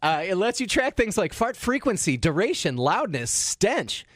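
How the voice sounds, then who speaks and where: A man's voice: sits high, sing-song, moderate pace, fairly bright tone, dry recording, studio quality. A man hosting a radio morning show, reading odd news stories aloud and cracking jokes between the lines. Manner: jokey, reads stories aloud with wisecracks. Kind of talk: casual radio banter, reading news items.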